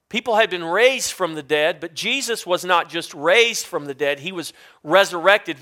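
A man's voice: sits high, bright, forceful tone, no echo, clean studio sound. A man preaching a sermon as pastor, rising and falling for emphasis and calling out to the congregation.

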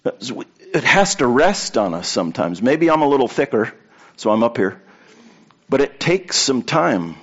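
A man's voice: medium pitch, big pitch swings, measured pace, husky, lo-fi sound. A man preaching a sermon to a congregation in a conversational way, telling anecdotes and repeating key points for emphasis. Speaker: pastor.

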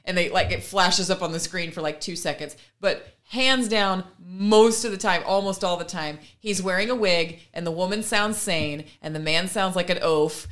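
A woman co-hosting a podcast in casual chat, with a wry, teasing way of talking and quick corrections. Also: on the low side, a bit bright. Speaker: podcast co-host.

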